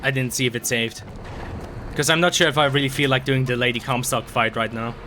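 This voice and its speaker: A hoarse young man from Sweden, rambling excitably and swearing while commenting on a game he streams. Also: medium pitch, a little fast. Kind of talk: casual gameplay commentary. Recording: stream mic with game noise behind. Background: game sounds.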